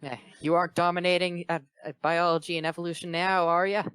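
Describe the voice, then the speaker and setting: A man reading a fanfiction aloud for a comedy show, slipping in quick character voices and breaking off to joke. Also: sits high, little pitch movement, a bit bright, smooth, no echo. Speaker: fanfiction reader. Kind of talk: comedic dramatic reading with commentary.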